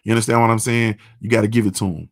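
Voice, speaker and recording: In a fairly low, steady voice, the morning show host talks very fast through a blunt, profane, casual monologue, repeatedly asking "you understand what I'm saying." The recording is dry and clean studio sound.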